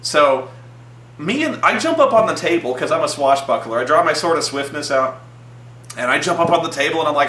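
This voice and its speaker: A man recounts an old tabletop game in an animated, profane way, jumping up in pitch whenever he acts out a line. His voice is bright and forceful. He sits in an echoey room with a faint hum behind him. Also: brisk. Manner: profane, excitable, acts out quotes in a raised voice. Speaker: host telling a tabletop game story. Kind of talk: animated storytelling.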